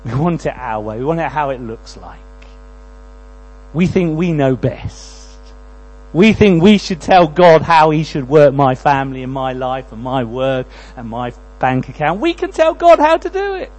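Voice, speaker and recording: A man preaching a sermon, moving between quiet prayerful lines and loud, pleading passages. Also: medium pitch, a little slow, low-quality recording.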